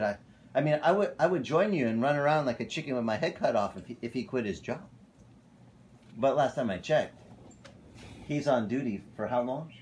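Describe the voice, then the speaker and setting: A male pastor preaching a casual, animated sermon at a church fellowship. He often tells stories and corrects himself mid-sentence. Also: mid-range voice, a little fast, slight background noise. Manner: animated, storytelling, self-correcting.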